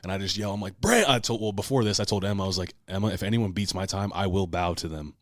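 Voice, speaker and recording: A man with a low, deep voice tells a story in casual podcast chat, swearing freely and shouting out the lines he said back then. The sound is dry and close, with no room echo. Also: fairly even intonation, fast talker. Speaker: podcast host.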